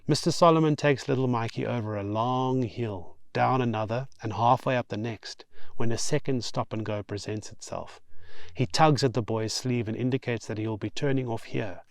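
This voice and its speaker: A man reading his own novel aloud in steady, expressive audiobook narration. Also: mid-range voice, moderate pace, dry recording, clean studio sound.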